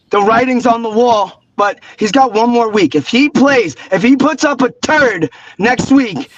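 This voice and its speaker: A man's voice: extremely high pitch, a bit bright, dull audio. A man with a New York accent calling in to a sports podcast, ranting with profanity and sarcasm. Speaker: caller. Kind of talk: angry call-in rant.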